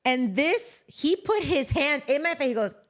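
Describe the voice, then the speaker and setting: Animated woman telling a story. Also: high-pitched, measured pace. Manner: animated storyteller, swears, mixes in Spanish words. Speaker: guest. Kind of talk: casual podcast chat.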